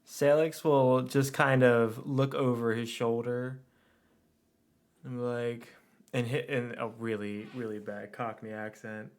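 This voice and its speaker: A man's voice: mid-range voice, fairly even intonation, takes it slowly. A man playing in a tabletop role-playing game, casual and laughing often. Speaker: player.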